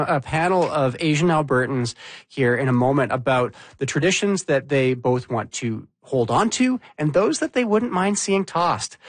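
A man's voice: fairly high pitch, no room sound. A man hosting a live morning radio show in a casual, chatty way, often restarting his phrases.

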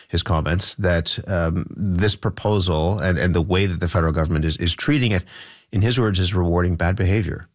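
A man's voice: low voice, fairly quick, no room sound, clean studio sound. A man hosting a political panel, posing conversational questions to panelists by name. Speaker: host.

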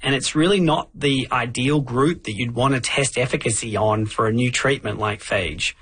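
A man speaking as a doctor in an interview, his voice a little husky and his pitch in the middle range. He explains things carefully and at an even pace, pausing to qualify his points. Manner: measured, explanatory. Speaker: infectious disease doctor, guest. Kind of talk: interview answers.

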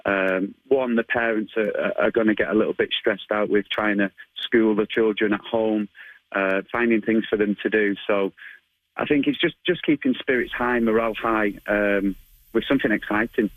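Man, thirties, low voice, friendly rambling guest, dry close sound. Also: fairly even intonation, normal speed, dry recording, narrow, tinny audio. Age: 30s. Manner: friendly, rambling, many fillers and restarts. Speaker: martial arts instructor, interview guest. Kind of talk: casual phone interview.

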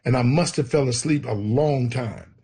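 A man with a husky voice telling an emotional, earnest personal testimony. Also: medium pitch, moderate pace, warm tone. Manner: emotional, earnest storytelling with quoted prayers. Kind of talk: personal storytelling.

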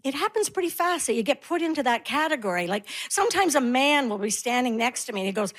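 A woman in her sixties doing a stand-up comedy routine, sassy and brisk, acting out quoted lines. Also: sits high, expressive, noisy background. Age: 60s.

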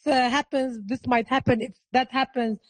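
A woman from Lebanon with a Lebanese accent, speaking English as a second language in a halting interview, with many fillers and restarts. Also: sits high, fairly even intonation, no echo, low-quality recording. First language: Arabic. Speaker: interviewee, hotel owner. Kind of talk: recorded interview.

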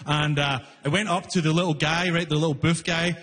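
Recorded live in a venue with faint room noise and hall reverb, a newly arrived man from outside Canada does a stand-up set to audience laughter. His fairly high, slightly bright voice moves briskly with fairly even intonation as he animatedly tells a story, acting out both sides in raised voices.

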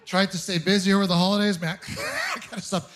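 Exasperated high-voiced stand-up comic. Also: male voice, huge pitch swings, a bit bright. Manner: exasperated, incredulous delivery with quick asides. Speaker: stand-up comedian. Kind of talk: stand-up comedy set.

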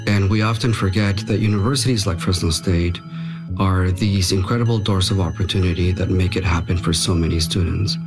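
A man with a very low voice speaks in an interview, earnest and reflective. Clear music plays behind him throughout. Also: steady tone, brisk. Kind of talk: interview speech.

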